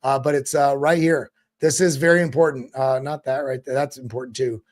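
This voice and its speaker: A man's voice: mid-range voice, fairly even intonation, fairly quick. A man hosting a crypto show, giving a casual motivational talk that rambles and often repeats words.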